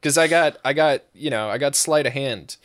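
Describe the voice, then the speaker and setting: A young man with a mid-range voice speaks at a moderate pace, telling a rambling, profane story on a casual podcast. His talk is packed with fillers and "right?" tags, and he keeps cracking up as he goes.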